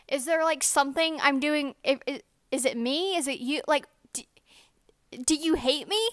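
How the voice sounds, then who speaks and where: Chatty teenage girl, bright dry voice. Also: sits high, measured pace, long pauses, dry recording. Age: teens. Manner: rambling, animated storytelling with restarts. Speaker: vlogger. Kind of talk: storytime vlog. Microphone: own microphone.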